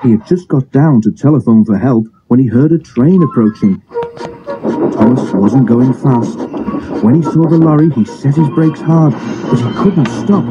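A man's voice: medium pitch, moderate pace. Man narrating a storybook on lo-fi phone. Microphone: old phone. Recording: dull lo-fi phone recording. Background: music.

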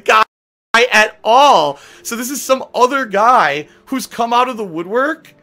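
A man with a very high, bright voice vents on stream, his pitch swinging widely. He sounds exasperated, laughing and swearing as he goes. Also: animated, unhurried. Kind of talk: venting to viewers on stream.

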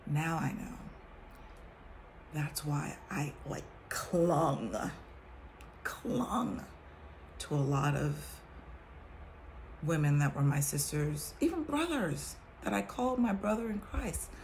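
A woman in her forties giving a casual faith talk, reading a verse slowly and then commenting candidly on it. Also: low voice, lively intonation, a little mellow, slight background noise, poor audio. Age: 40s. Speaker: vlogger sharing testimony.

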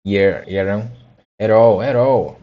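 A man's voice: fairly low pitch, measured pace, phone-quality sound, natural voice. A man voicing a timid male laborer who answers hesitantly and deferentially. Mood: meek.

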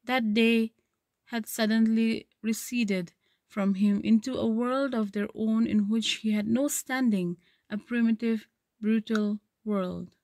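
Brief: woman teacher, higher-pitched voice, reads then retells a story for students. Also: steady tone, slow pace, a little mellow, dry recording. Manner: reads a passage then paraphrases it, with checking "okay". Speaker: literature teacher. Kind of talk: reading a story aloud and explaining it.

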